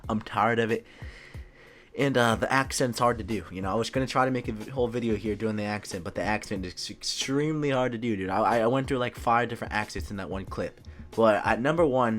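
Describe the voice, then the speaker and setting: Casual man ranking fighters. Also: on the low side. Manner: casual, says "dude" a lot, stumbles and repeats words. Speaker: MMA YouTube host.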